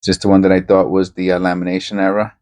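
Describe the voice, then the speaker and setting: A man hosting a casual coin-hunting vlog, rambling and excitable, often tacking "man" onto his sentences. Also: sits low, fast talker.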